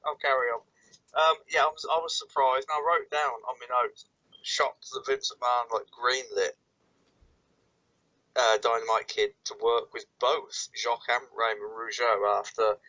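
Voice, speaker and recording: A man with a bright, somewhat sharp voice co-hosts a casual podcast. He chats in a laid-back way and swears now and then. His audio sounds dull and lo-fi. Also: medium pitch, fairly even intonation, moderate pace. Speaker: podcast co-host. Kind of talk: casual wrestling review chat. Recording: dull lo-fi mic.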